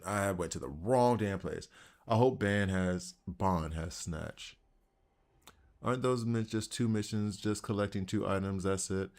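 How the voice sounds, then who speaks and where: A man with a deep, low voice and a Southern accent talks his way through a video game. His commentary is loose and rambling, and he keeps laughing at his own odd tangents. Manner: rambling, self-deprecating, chatty. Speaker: gaming channel host. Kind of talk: casual gameplay commentary.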